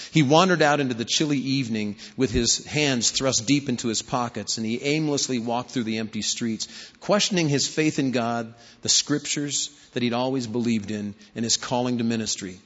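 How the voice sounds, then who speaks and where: A man's voice: mid-range voice, fairly bright tone. A man preaching a sermon, telling stories and rising to emphatic questions. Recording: hall reverb, dull lo-fi sound.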